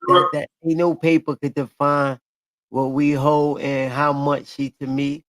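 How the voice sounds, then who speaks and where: A man's voice: on the high side, flat delivery, a little slow, fairly bright tone. A man in his forties in loose, profane, boastful casual banter. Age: 40s. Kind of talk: casual chat.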